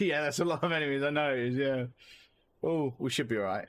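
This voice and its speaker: A man streaming a video game, chatting excitedly and laughing as he plays. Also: medium pitch, fast. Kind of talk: live game-stream commentary.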